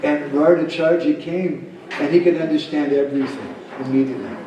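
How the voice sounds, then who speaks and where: A man's voice: fairly high pitch, fairly quick, muffled recording, background noise. A man at a devotional camp telling a story and acting out its characters. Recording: echoey hall, speaker far from mic.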